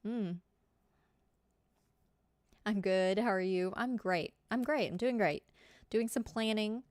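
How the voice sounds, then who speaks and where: A giggly Southern woman streams and chats casually with live viewers, using lots of fillers. Her medium-pitched voice is steady and slow, recorded dry in studio quality.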